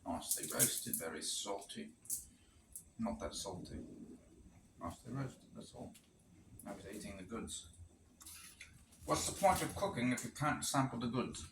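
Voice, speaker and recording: A man with a fairly low, expressive voice talks at normal speed with long pauses, chatting casually and making wry asides while cooking for his vlog. He's in a rental kitchen with a gas stove, where a pot boils, and the distant mic gives a roomy, noisy recording.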